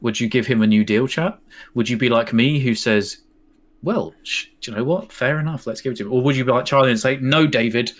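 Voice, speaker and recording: Bloke, mid-pitched, co-host of a football stream, argumentative, mocking, animated rants. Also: male voice, fast talker. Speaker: co-host of a football watch-along. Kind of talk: casual live stream chat.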